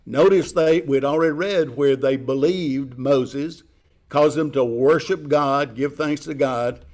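Measured chapel preacher, man. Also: mid-range voice, a little mellow. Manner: measured, explaining with pauses. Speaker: chapel speaker. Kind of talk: sermon.

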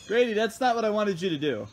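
A man's voice: high voice, a little hiss or hum. A young man casually filming at home, laughing and coaxing his pet cat in playful baby talk. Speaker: vlogger. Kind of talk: casual vlog talking to a cat. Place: house, basement and backyard.

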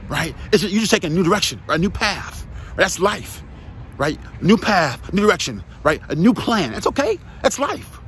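A man delivers an emphatic motivational talk straight to the listener. He repeats his key lines and fires direct questions, with a lively, swinging pitch over faint background noise. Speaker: motivational speaker, former football player.

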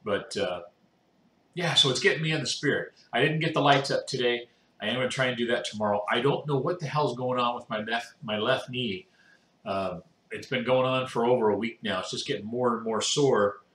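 Talking loosely to his viewers, this man, a vlogger with cancer, is exhausted, yawns, and fills his rambling with many fillers. He speaks briskly in a mid-range voice with a fairly bright tone. There's noticeable room echo on the recording.

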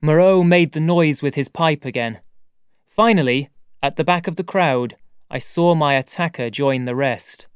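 A man reading an audiobook in a measured, deliberate storytelling manner, close to a studio mic. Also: a little high, clear, resonant tone, no echo. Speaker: audiobook narrator. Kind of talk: scripted narration.

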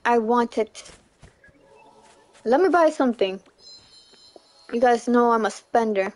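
A young woman chatting casually through a gameplay livestream, giggly and chatty, squealing when something excites her. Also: fairly high pitch, slow pace. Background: faint game music.

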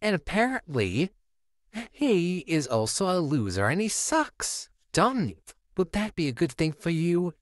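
A performer acts out a male puppet neighbor babysitting a child, sarcastic and easily rattled, in a home-made fan audio drama. His pitch leaps all over the place while the delivery stays slow and drawn out. The recording is close and dry, made at home. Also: sing-song, no echo. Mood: flustered sarcastic. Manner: sarcastic, easily flustered, wildly swinging pitch.

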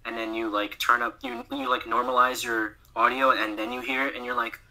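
A male voice actor talks on a podcast in a very bright, forward voice at a middling pitch. He chats loosely and often laughs, filling his speech with "like" and acting out little quoted thoughts. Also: level tone, fairly quick, low-quality recording. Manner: chatty, laughs often, fills with "like". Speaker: guest voice actor. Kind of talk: casual podcast chat.

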